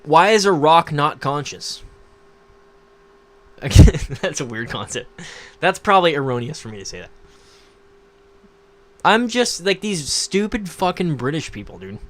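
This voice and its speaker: A man's voice: fairly high pitch, big pitch swings, measured pace, pauses often, fairly bright tone. A young man hosting a livestream, ranting casually to his chat in a mocking, profane, rambling way. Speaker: livestream host. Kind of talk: casual rant to live chat.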